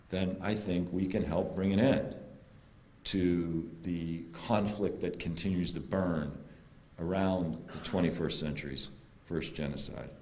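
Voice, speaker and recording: A man with a very deep voice delivers an earnest, rousing call to action. He speaks steadily at a public panel. The sound carries plenty of room echo from the lecture hall. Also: darkish tone. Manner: earnest, rallying. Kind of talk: rousing closing speech. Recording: roomy hall reverb.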